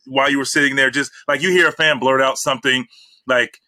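A man's voice: medium pitch, steady tone, fast, pushed and bright. A man, a former basketball player, co-hosting a casual sports talk show and asking easygoing questions. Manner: easygoing, asks the guest questions, lots of fillers.

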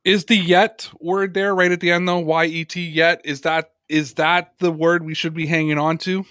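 A man co-hosting a casual sports podcast, talking in an animated, emphatic way and reading chat comments aloud. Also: a little high, moderate pace, no echo, clean studio sound. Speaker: podcast co-host.

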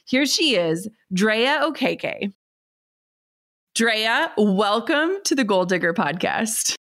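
A woman's voice: medium pitch, expressive, takes it slowly, fairly bright tone. A woman hosting a podcast who asks her guest questions in an eager, enthusiastic way. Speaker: podcast host. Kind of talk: podcast interview.

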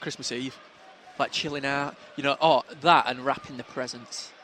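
A man's voice: medium pitch, steady tone, moderate pace, sharp tone, slight background noise. Wry man hosting a podcast. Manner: wry, joking, matter-of-fact. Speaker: podcast host. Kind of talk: casual football podcast banter.

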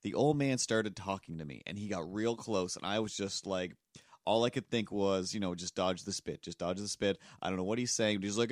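Man, low-pitched, dry close mic, casual rambling podcast host. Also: steady tone, fairly quick, dry recording. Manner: rambling, self-deprecating, acts out voices in stories. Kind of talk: casual chat, storytelling.

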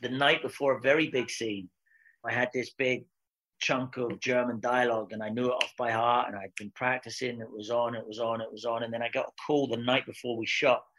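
A Scottish man in his forties spins lively anecdotes in a relaxed interview. His voice sits at an ordinary middle pitch, and he keeps breaking into laughter. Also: brisk, poor audio. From Scotland. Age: 40s. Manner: lively storyteller, laughs easily. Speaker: actor guest. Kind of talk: casual interview chat.

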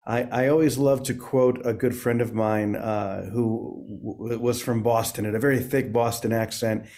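A man who is a priest and author, talking gently and reflectively about faith, with many small restarts. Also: medium pitch, fairly even intonation, normal speed. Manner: gentle, searching, with frequent restarts. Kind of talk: reflective spiritual interview.

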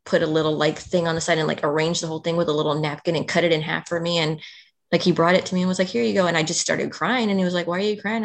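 A woman with a low, gravelly voice shares a personal story as a podcast guest. She talks earnestly and emotionally, and "like" runs all through her speech. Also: fairly even intonation, racing. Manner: emotional, earnest, heavy on "like" fillers.

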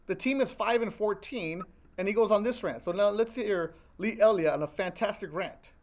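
A brash man co-hosts a casual podcast, joking around and swearing freely. His voice sits fairly high for a man. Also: normal speed. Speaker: podcast co-host. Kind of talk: casual chat.

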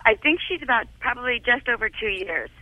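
A woman's voice: fairly high pitch, animated, brisk, a little hiss or hum. Giddy woman calling in by phone. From Southern California. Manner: giddy, giggly. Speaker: caller. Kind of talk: call-in question. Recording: dull phone line.

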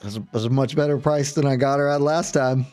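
A man's voice: mid-range voice, brisk, a little mellow, soft background music. A man co-hosting a casual sports-betting podcast, full of wry, joking banter. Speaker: podcast co-host.

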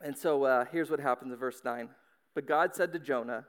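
A man preaching a sermon in an animated, conversational way, acting out little voices for comic effect. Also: mid-range voice, moderate pace. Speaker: pastor.

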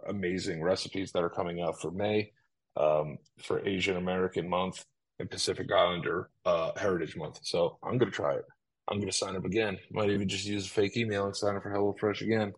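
A man's voice: deep voice, husky, poor audio. A man co-hosting a podcast, chatting casually and reading an ad loosely with lots of fillers. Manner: laid-back, reads ad loosely with fillers. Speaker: podcast co-host. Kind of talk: casual chat.

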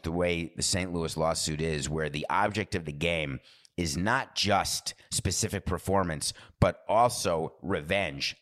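Rambling low-voiced male podcast host. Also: a bit bright. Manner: rambling, prone to digressions; chatty, asks rhetorical questions. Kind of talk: casual monologue.

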